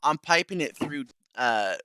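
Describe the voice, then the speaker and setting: A man's voice: a little high, lively intonation, unhurried, crowd noise. A man hosting a live stream in casual, rambling chat, full of fillers and chuckles. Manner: rambling, laughing, many fillers. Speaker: streamer host.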